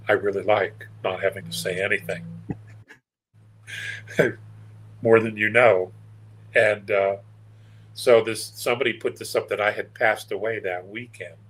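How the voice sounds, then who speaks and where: Older man, husky voice, lowish pitch, meandering and wry, interview guest. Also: steady tone, a little slow, pauses often, a bit bright, low-quality recording. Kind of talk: casual storytelling interview.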